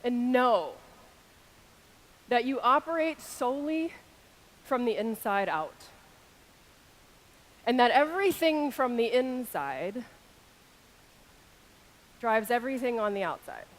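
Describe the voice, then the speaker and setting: A woman in her thirties with a fairly high voice gives a keynote speech on an arena stage through a stage microphone. Her intonation is lively, and she alternates between loud shout-outs to the crowd and a slower, more intimate delivery.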